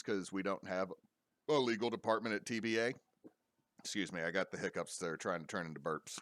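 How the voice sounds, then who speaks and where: A man's voice: on the low side, fairly quick, a bit bright, no room sound. Enthusiastic man joking on a call. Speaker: podcast co-host. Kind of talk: casual chat. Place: home. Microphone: remote call mic.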